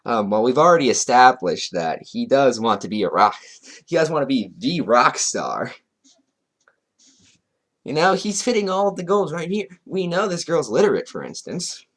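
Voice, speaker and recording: A man's voice: mid-range voice, very animated, normal speed, a bit bright. A man doing a commentary vlog, reading chat logs aloud and breaking in with sarcastic, chuckling asides. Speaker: commentary YouTuber.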